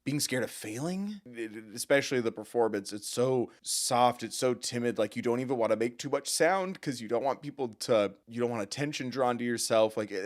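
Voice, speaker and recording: Emotional man rambling through a reaction. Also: lowish voice. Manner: emotional, rambling, stammering, swears often. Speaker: reaction video host. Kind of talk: casual reaction commentary.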